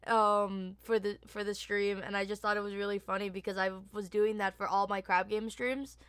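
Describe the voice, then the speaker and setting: A woman's voice: mid-range voice, level tone, moderate pace, fairly bright tone, clean tone, dry recording. A young woman hosting a casual chat, giggly and chatty, hesitating often. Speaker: host, interviewer.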